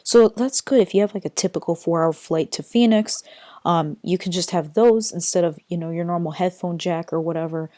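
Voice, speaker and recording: A woman's voice: on the low side, a little fast, dark tone, no echo, studio quality. A young woman vlogging casually from her bedroom, chatty and rambling with lots of fillers, tired, recorded on a built-in computer mic. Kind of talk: casual unboxing vlog.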